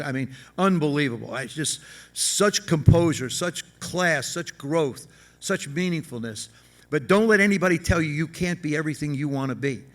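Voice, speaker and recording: Man, banquet guest speaker; high bright voice, folksy and emphatic, repeats himself. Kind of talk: stage interview and charity auction. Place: large banquet hall event.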